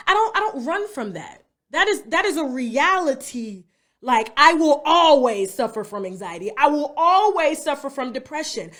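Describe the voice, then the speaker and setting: Brief: high-voiced woman host, animated rant full of tag questions. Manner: animated, repeats tag questions like "okay?" and "you understand?". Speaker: YouTube commentary host. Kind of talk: livestream rant to viewers.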